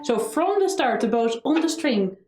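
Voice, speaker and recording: A woman with a slightly high voice teaches violin with lively energy, often singing phrases to show the bowing. The room echoes, and a violin sits faintly behind her voice. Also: normal speed, faint music behind. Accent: Dutch. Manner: energetic, sings melodies on "da". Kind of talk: instructional tutorial.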